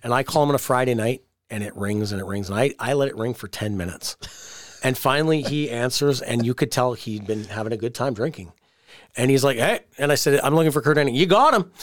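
A man on a wrestling podcast tells a long backstage story, switching into high, excited voices whenever he quotes someone. He speaks at a middle pitch. His voice is close on the mic, with almost no room sound. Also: quick pace, dry recording. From Canada. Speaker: podcast host, wrestling promoter. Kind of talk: casual storytelling chat.

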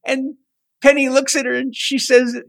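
A man's voice: very high voice, moderate pace, gravelly, no echo. Man telling a story in a dry room. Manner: animated anecdote-telling, fond. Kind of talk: casual chat, storytelling.

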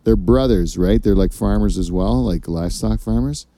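A man's voice: fairly low pitch, moderate pace, warm tone, slight background noise. A man hosting a casual comedy podcast, telling long rambling stories full of swearing. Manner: rambling, profane storyteller. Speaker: podcast host.

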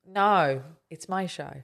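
A woman's voice: medium pitch, fairly bright tone, husky. A British woman, an organizing expert, chatting playfully and bantering with mock indignation. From Britain. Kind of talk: casual chat.

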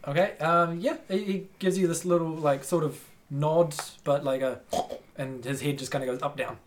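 Low-pitched woman as game master, easygoing and halting. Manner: relaxed, hesitant with fillers. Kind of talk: narrating a tabletop game.

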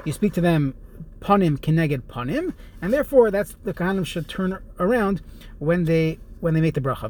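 A man's voice: on the high side, slight background noise. Man teaching a Jewish law text. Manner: reads Hebrew phrases then explains in English, with pauses and restarts. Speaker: Torah teacher. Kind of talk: halacha lesson, reading and translating text.

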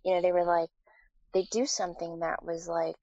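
A woman's voice: lowish voice, flat delivery, brisk, mellow, dry recording, muffled recording. A woman from Taiwan, a guest in a casual interview, telling a personal story with lots of fillers and restarts.

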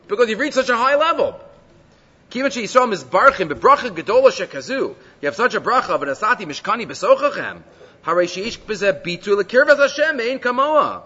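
A man teaching a Torah class, reading a text aloud, translating it, and asking rhetorical questions in an animated way. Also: extremely high pitch, breathy edge. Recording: dull lo-fi recording with long reverb.

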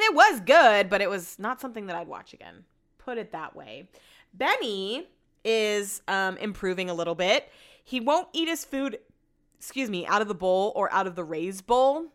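Woman podcast host, smooth voice, sarcastic chatty storyteller who swears a lot. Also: medium pitch, a bit bright.

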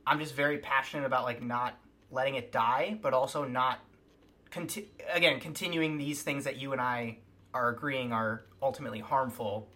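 Casting: bright-toned man from the United States, earnest chef guest, casual chat with many "like"s. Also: mid-range voice, steady tone, normal speed. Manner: earnest, filler-heavy with many "like"s.

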